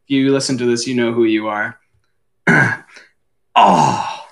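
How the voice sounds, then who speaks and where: A young man co-hosting a casual podcast, laughing often as he runs through quick grunts and death-cry impressions. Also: mid-range voice, lively intonation, gravelly, fairly bright tone, a little hiss or hum. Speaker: podcast co-host. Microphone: home microphone.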